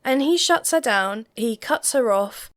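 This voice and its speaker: A woman co-hosting a casual reality TV reaction chat, recapping scenes in a measured, observant way. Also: on the high side, animated.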